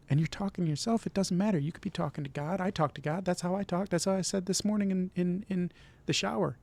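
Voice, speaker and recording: A middle-aged man from Michigan talks straight to his viewers in an earnest, encouraging way, circling back over his points. His voice sits a bit higher than most men's and has a gravelly, creaky edge. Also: fairly quick, a little mellow. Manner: earnest, encouraging, repeats himself. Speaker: vlog host. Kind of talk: motivational talk to camera.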